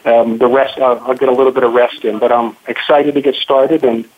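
Phone-in guest, man, earnest, halting, tinny line. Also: mid-range voice, level tone. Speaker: guest caller. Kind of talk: phone interview.

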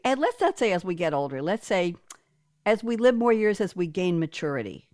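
A woman hosting a podcast in a chatty, animated way. Her voice sits on the low side, and the recording is dry and close. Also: fairly quick, no echo. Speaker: podcast host. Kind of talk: casual interview chat.

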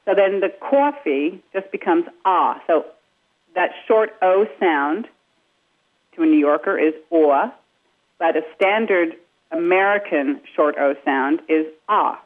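A woman's voice: on the low side, a little slow. A woman from England, an accent coach, explaining casually with spoken examples. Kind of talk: casual radio chat. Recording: phone-line radio sound.

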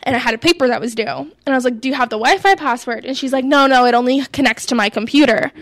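A young woman chats on a talk show, animated and casual as she tells a long story. Her voice sits fairly high, and the recording is dry and close. She keeps acting out what she and others said. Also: fast talker, dry recording. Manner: animated, quotes herself and others. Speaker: co-host.

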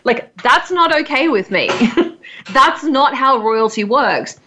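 A woman's voice: sits high, expressive, slow pace, pushed and bright, a little hiss or hum. An Australian woman co-hosting a podcast in casual chat, chatty and opinionated, teasing her co-host.

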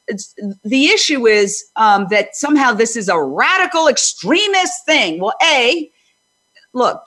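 Loud emphatic older woman hosting. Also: fairly high pitch. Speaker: host. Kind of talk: panel discussion.

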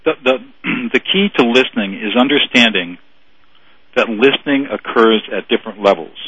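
Man, radio guest, earnest, restarts phrases, husky, dry lo-fi sound. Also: mid-range voice, moderate pace, a bit bright, dry recording. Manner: earnest, repeats words while explaining. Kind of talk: explanatory radio interview.

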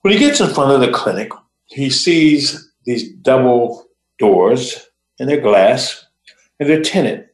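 A man hosting a show, telling a motivational story in short phrases with dramatic, deliberate pauses. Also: medium pitch, lively intonation, reverberant, rough recording. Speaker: host.

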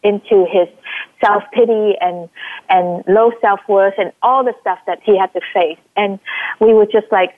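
A woman from Vietnam talks over a tinny, phone-like line with a dry sound. She tells her story as a guest in a casual interview. She acts out quoted lines in a much higher voice. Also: fairly even intonation, unhurried, no echo. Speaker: guest, life coach. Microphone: phone call.

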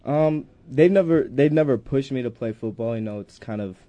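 A teenage high school football player speaking politely as an in-studio guest, answering in a soft, slightly shy way. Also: male voice, normal speed, dry recording. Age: teens. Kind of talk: casual interview.

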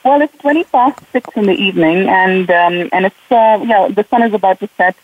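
A woman's voice: mid-range voice, a little fast. Female remote guest with a laugh and lots of fillers, phone-quality line. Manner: laughs often, many fillers. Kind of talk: casual interview chat. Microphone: remote call. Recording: tinny phone-like call line.

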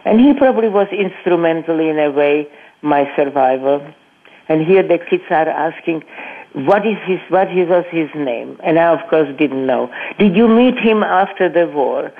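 An older woman, a guest on a radio interview, telling her life story in a halting, earnest way, repeating words and restarting sentences. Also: low voice, expressive. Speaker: guest, Holocaust survivor speaking to students. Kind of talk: personal testimony in a radio interview. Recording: tinny phone-line radio audio.

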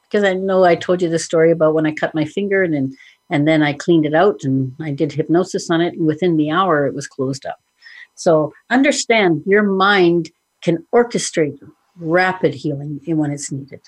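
A woman's voice: deep voice, moderate pace, breathy edge, no echo. A woman hosting a podcast, talking in a casual conversational way and often affirming her co-host.

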